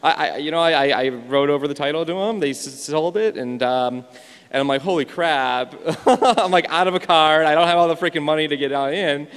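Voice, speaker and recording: A man telling a personal story on stage at an event, animated and laughing as he goes, sometimes swearing. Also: fairly high pitch, a little fast, clear, resonant tone. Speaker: event speaker. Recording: echoey event hall.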